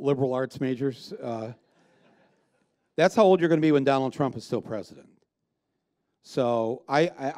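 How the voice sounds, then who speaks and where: A man's voice: medium pitch, a little mellow. A man speaking as a filmmaker guest in an onstage conversation before an audience, blunt and emphatic, with frequent restarts. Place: live event with an audience.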